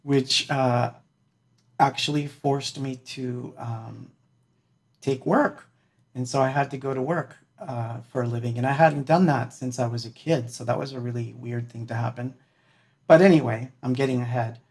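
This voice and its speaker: A man's voice: medium pitch, fairly even intonation, normal speed, a little mellow, husky. A man, a musician hosting a livestream, chatting casually and rambling with lots of fillers and laughs.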